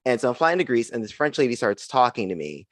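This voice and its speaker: A young man doing a stand-up comedy set on a live video-call show, with an animated, punchy delivery and frequent laughs. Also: mid-range voice, fast, no room sound, studio quality. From United States.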